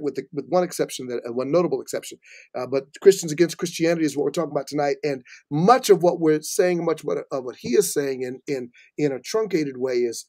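Man, fairly high voice, dry sound, live-stream host, folksy, preacherly, lots of uh and um. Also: dark tone, no room sound. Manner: folksy, preacherly, with many fillers. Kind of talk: live-stream talk show hosting.

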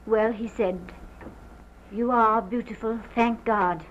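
A distraught wife in a scratchy early talkie. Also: female voice, fairly high pitch, steady tone, slow pace. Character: distraught young wife recounting a shooting. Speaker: actress in a 1929 film. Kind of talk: early sound film drama. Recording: dull lo-fi early film soundtrack with faint hiss.

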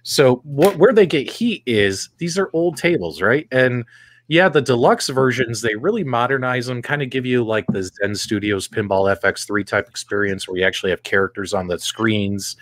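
A man's voice: on the low side, no echo. A man hosting a gaming podcast, talking animatedly and putting questions to his co-hosts. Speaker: podcast host. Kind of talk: casual podcast chat.

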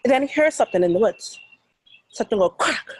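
Bahamian woman teacher, children's storyteller, higher voice, dramatic with sound effects. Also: lively intonation, quick pace, a little mellow, husky, rough recording.

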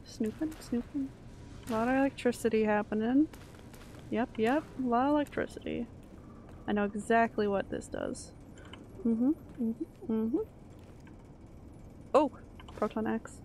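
Young canadian woman gaming on stream, chatty and loud, faint hum behind. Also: on the high side, moderate pace. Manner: chatty, reacting loudly to the game and to chat. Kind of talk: live game stream commentary.

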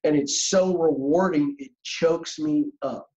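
A man's voice: on the high side, takes it slowly, mellow, rough recording. A middle-aged man speaking as a guest career coach in a podcast interview, with an earnest, emphatic storytelling manner.

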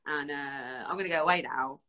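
Bright, deep-voiced woman, praising warmly. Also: fairly quick. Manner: warm, praising, affectionate. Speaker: publisher guest. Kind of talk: casual chat.

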